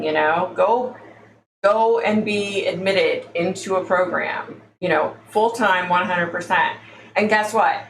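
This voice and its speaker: A woman's voice: mid-range voice, vocal fry. A woman hosting a casual psychic livestream, chatty and exasperated, calling her listeners y'all. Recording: echoey room, faint background noise.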